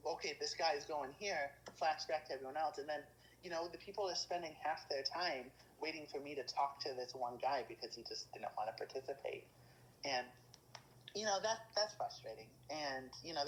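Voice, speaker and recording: A woman's voice: low voice, a little hiss or hum, poor audio. A woman dungeon master, a guest in a casual interview, rambling with lots of fillers and restarts.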